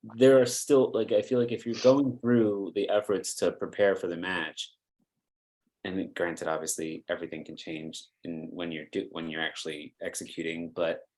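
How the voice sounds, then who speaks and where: A man's voice: low voice, little pitch movement, moderate pace, a little mellow. A man with a New England accent co-hosting a podcast, talking in hesitant casual chat that trails off and restarts. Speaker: podcast co-host.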